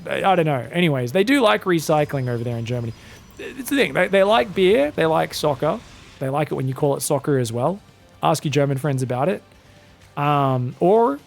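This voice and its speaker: A man's voice: a little high, creaky. A man casting a live esports match with chatty, joking play-by-play. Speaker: esports caster. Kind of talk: live game commentary.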